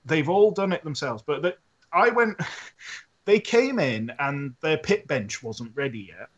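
A man's voice: fairly high pitch, measured pace, dull audio. Chatty man telling a story with laughs. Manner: animated storyteller, laughs often, many restarts. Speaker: podcast co-host and robot builder. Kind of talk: casual chat.

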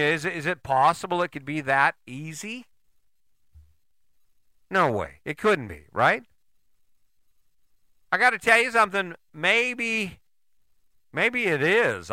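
Older male podcast host, blunt and profane, animated pitch, crisp voice. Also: dry recording. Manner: blunt, swearing, rhetorical questions. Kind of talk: motivational monologue.

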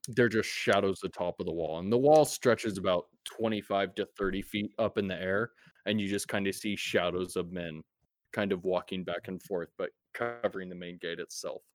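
Brief: man, low voice, casual profane game master narration, dry recording. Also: moderate pace, dry recording. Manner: laid-back, profane, with many fillers.

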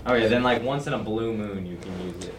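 A man's voice: lowish voice, fast. A young man co-hosting a podcast, laying down joking, mock-serious rules. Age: young adult. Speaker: podcast co-host. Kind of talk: casual podcast chat. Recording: roomy, distant mic with noise.

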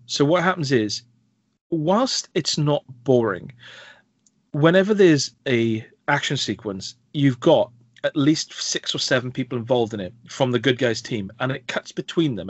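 A man's voice: medium pitch, no room sound. A man, co-hosting a casual film review podcast, rambling and correcting himself as he goes. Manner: chatty, rambling with frequent fillers and self-corrections. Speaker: podcast co-host. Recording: dull lo-fi dry sound.

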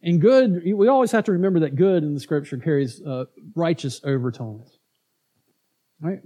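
A pastor preaches in a high, mellow voice. He keeps it conversational, throws questions at the congregation and slips into muttering crowd voices to make his point. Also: animated, a little fast. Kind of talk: sermon.

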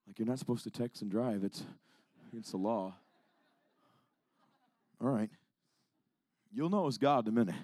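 A male evangelist preaching a sermon, moving from hushed storytelling to shouted exhortation. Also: a little high, fairly quick, no room sound, clean studio sound.

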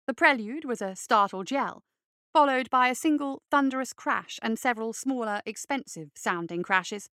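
A woman reading an audiobook in a measured, wry storytelling manner, her voice bright and a touch high. The recording is close-miked and dry, with no room sound. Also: smooth, no echo. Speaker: narrator. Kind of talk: scripted audiobook narration.

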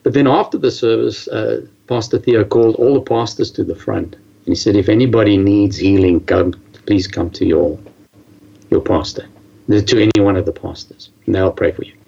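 A man tells a personal story in a casual, animated way, often stumbling and restarting his sentences. His voice has a gravelly edge. The recording sounds slightly dull and lo-fi. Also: on the low side. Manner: animated, halting with many restarts. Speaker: guest telling his story.

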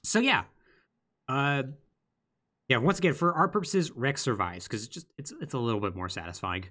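Animated man recapping a game. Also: medium pitch. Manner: animated, lively storytelling with quick asides. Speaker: podcast co-host. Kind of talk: casual chat recapping a video game.

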